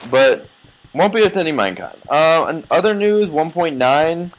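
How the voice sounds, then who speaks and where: A man's voice: on the high side, very animated, normal speed, low-quality recording. An eighteen-year-old man giving casual, rambling gameplay commentary, swearing and yelping when startled.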